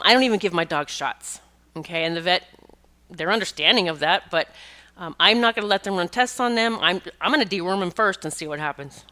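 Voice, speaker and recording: A middle-aged woman with a sharp-toned, mid-range voice hosts a podcast and works as a pet communicator. She chats in a rambling monologue, restarting often and laughing occasionally through her stories.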